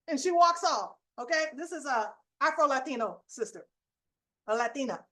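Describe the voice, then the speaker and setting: A middle-aged woman hosting her channel, telling a story in an emphatic, animated, conversational way to make a preachy point to viewers. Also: high-pitched, moderate pace. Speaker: channel host.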